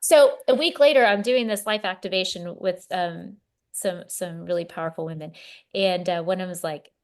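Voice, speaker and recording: A middle-aged woman, a spiritual coach, chatting casually as a podcast guest and telling animated stories with many restarts. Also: on the low side, moderate pace. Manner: animated storyteller, repeats and restarts words. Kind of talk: casual conversation.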